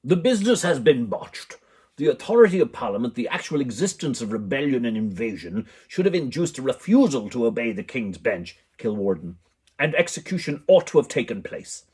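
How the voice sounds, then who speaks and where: An Irish man putting on the voice of a pompous, arrogant official, loud and indignant. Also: medium pitch, sing-song, a little fast, slightly rough, voice pushed up.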